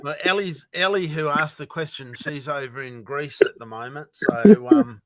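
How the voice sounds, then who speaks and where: A man's voice: on the high side, expressive, normal speed, crowd noise. An Australian man hosting a casual livestream chat, rambling and hesitant with many ums. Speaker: livestream host.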